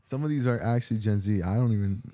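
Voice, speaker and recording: Laid-back young man with mellow voice. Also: lowish voice, quick pace. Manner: joking, laughing, repeats words. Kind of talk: casual chat.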